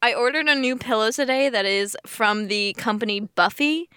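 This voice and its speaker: A young woman co-hosting a podcast, chatting casually with quick asides and some swearing. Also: fairly high pitch, sharp tone, smooth, no echo, clean studio sound. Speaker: podcast co-host. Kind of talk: casual chat.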